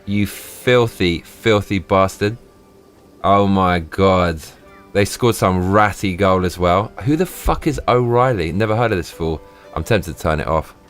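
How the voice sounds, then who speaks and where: A man live streaming, ranting and swearing in excited bursts. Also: low-pitched, normal speed, soft background music. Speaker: livestreamer.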